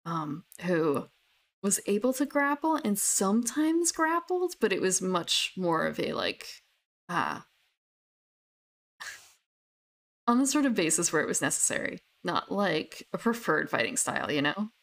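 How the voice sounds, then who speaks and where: A woman's voice: lowish voice, big pitch swings, unhurried, a bit bright. A young woman chatting casually about her tabletop characters, rambling with many fillers and restarts. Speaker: tabletop gamer. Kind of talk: casual chat.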